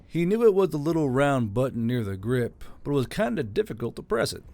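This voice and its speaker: A man reading a story aloud in a steady, even storytelling manner. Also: mid-range voice, fairly quick, creaky, soft background music. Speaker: narrator. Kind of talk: scripted story narration.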